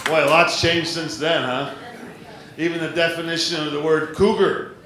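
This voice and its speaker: A stand-up comedian, a man with a fairly high voice, tells jokes in a chatty way and now and then slips into quick impressions. He was recorded live in a very echoey theater. A loud audience laughs, and steady noise sits under the whole set. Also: over a noisy crowd.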